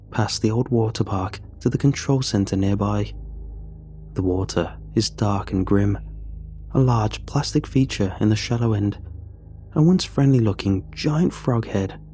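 A man narrating a first-person horror story in a measured, suspenseful reading. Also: fairly low pitch, dark tone, a little hiss or hum.

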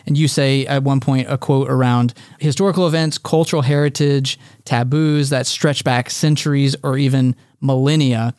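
A man's voice: mid-range voice, fairly even intonation, moderate pace, few pauses, a little mellow, dry recording. A man hosting a podcast in a mid-range voice with a dry, close sound. He works his way into long questions, thinking aloud as he goes. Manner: thoughtful, thinking aloud while framing questions. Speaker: podcast host. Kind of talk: casual interview talk.

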